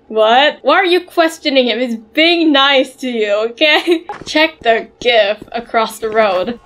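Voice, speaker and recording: Playful high-voiced woman gaming. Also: normal speed, hardly any pauses, fairly bright tone. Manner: playful, giggly, chatty. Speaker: gamer. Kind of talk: game commentary.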